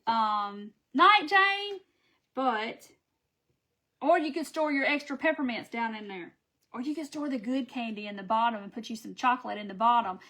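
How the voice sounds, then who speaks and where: A woman's voice: fairly high pitch, normal speed, bright, forceful tone. A woman hosting a casual live craft video, chatty and affectionate, greeting viewers by name. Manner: chatty and affectionate, reads viewer names aloud. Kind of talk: casual live-stream chat.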